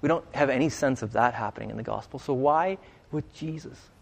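A man's voice: mid-range voice, brisk, creaky, big-room sound. A male pastor preaching a conversational sermon, often putting questions to his congregation. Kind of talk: interactive sermon.

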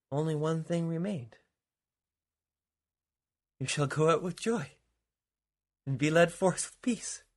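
Male preacher, husky and fairly high, builds from hushed to shouted. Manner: dramatic, swings from hushed to shouting. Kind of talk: sermon.

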